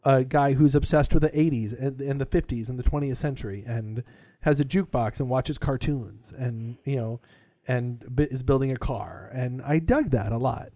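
A man's voice: medium pitch, normal speed, warm tone, no room sound, clean studio sound. A man co-hosting a podcast in casual chat, rambling and enthusiastic, laughing often. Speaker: podcast co-host.

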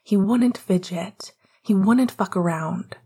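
A woman narrating a novel in a soft, quiet reading voice. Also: medium pitch, slow pace, slightly rough. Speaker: audiobook narrator. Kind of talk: scripted narration.

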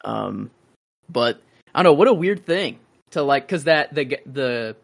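A man's voice: medium pitch, lively intonation, measured pace, gravelly. A young man co-hosting a casual film podcast, laid-back and hesitant, swearing and mimicking characters. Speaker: podcast co-host.

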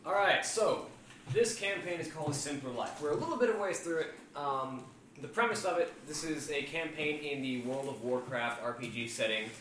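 A man running a tabletop game as game master, explaining the setting in a relaxed way. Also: on the high side, normal speed. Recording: echoey room, distant mic, faint noise.

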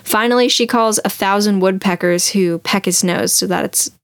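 A woman chatting casually and retelling a story, slipping into quick character voices along the way. Her voice sits at a middle pitch and sounds dry and close, with little room sound. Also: gravelly, no echo.

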